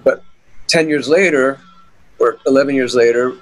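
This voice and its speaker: A man's voice: medium pitch, normal speed, low-quality recording. A middle-aged man, a guitarist, telling stories in an interview in a rambling way with many fillers and restarts. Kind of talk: casual interview storytelling.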